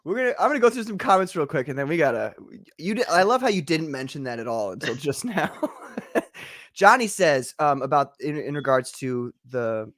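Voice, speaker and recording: A man's voice: a little high, very animated, normal speed, a bit bright, dry recording, clean studio sound. A man hosting a casual livestream chat, loose and joking as he reads out viewer comments. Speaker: show host.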